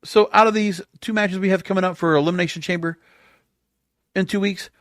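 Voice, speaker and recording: A man's voice: high voice, fairly even intonation, fast talker, a bit bright, dry recording, clean studio sound. A man hosting a wrestling podcast, delivering a sarcastic, exasperated solo rant full of rhetorical questions.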